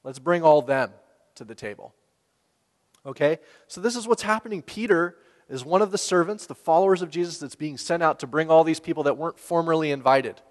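A man preaching a sermon in a relaxed, conversational way, asking the listeners questions and laughing now and then. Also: a little high, fast talker. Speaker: pastor. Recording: long hall reverb.

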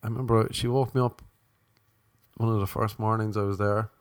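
An Irish man with a cold, hosting a podcast and telling a rambling comic story with sarcastic, deadpan asides. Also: lowish voice, a little fast, no echo. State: sniffly with a cold.

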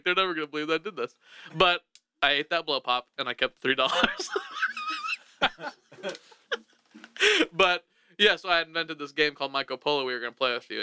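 A man's voice: mid-range voice, pushed and bright, clear, resonant tone, no room sound. A man hosting a casual comedy podcast, rambling and laughing often as he jokes. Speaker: podcast host.

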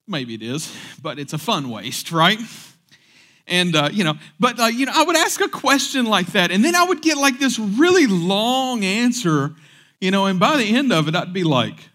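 A man's voice: fairly high pitch, fairly bright tone. A young adult man preaching a casual sermon, mixing scripture reading with joking asides, fillers and restarts. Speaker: pastor. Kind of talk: conversational sermon.

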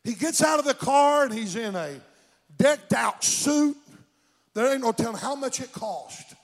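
Gravelly high-voiced preacher man. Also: lively intonation, unhurried, long reverb tail. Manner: swings from hushed storytelling to shouted exclamations. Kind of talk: sermon storytelling.

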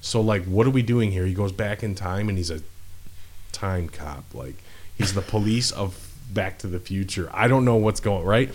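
Low-voiced dude just shooting the breeze, cussing a lot, rambling along. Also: male voice, normal speed, background noise. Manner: profane, rambling, laid-back storytelling. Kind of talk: casual chat.

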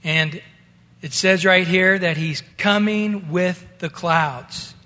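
A male pastor preaching a sermon in a relaxed, conversational way, talking to his listeners as guys. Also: high voice, slow pace, in a large hall.

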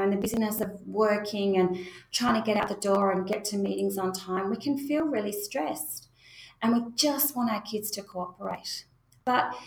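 A woman giving a spoken parenting lesson, talking straight to parents in a reassuring way. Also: medium pitch. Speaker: parenting educator. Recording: echoey room.

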